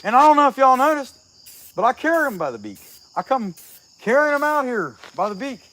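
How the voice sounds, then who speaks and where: A man's voice: extremely high pitch, very animated, brisk, bright, forceful tone. A middle-aged man chatting casually on a livestream while he carves. He reads viewer comments aloud in a laid-back way and sounds a little sniffly from a cold. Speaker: chainsaw carver streaming live. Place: outdoor workshop.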